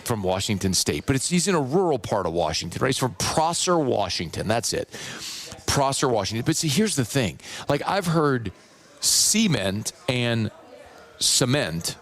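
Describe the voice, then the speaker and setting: A hoarse man hosting sports radio, playful and rambling. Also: medium pitch, very animated, moderate pace. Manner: playful, rambling, riffs on pronunciation. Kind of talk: casual radio talk with live ad read.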